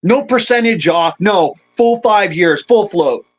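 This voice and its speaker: A middle-aged streamer speaks in an animated high voice, a little slowly, greeting chat between bouts of agitated, profane ranting. He sounds shaken and angry, and the stream audio is dull lo-fi.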